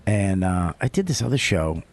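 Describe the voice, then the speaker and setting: A man hosting a casual podcast, telling a story with heavy swearing and lively retellings. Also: low-pitched, normal speed, no room sound. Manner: profane, rambling, animated when retelling. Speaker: podcast host.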